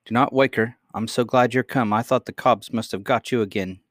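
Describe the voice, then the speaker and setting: Caring storybook mother, soft and gently chiding, as a male narrator puts her on; dry, close sound. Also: medium pitch, fairly even intonation, brisk, dry recording, close to an everyday voice. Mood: gentle.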